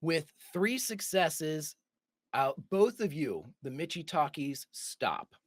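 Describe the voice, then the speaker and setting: Calm male game master. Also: a little high, slow, no echo, studio quality. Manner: calm, describing scenes and calling for rolls. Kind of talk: narrating a tabletop game.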